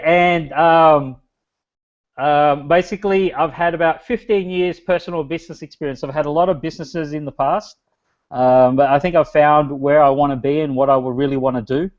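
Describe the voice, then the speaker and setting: A man in his thirties presents a webinar in a loose, chatty way, his voice sitting a little high for a man. The sound is dull and lo-fi, like audio through a computer mic on an online call. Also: a little mellow. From Australia. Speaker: guest speaker, business strategist.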